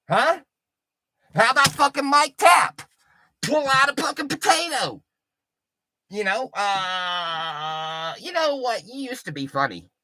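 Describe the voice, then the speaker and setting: Brief: middle-aged male streamer, taunting and foul-mouthed, bright forceful tone, very dry sound. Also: high-pitched, no echo. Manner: profane, taunting and mocking. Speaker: livestreamer. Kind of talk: rambling livestream rant.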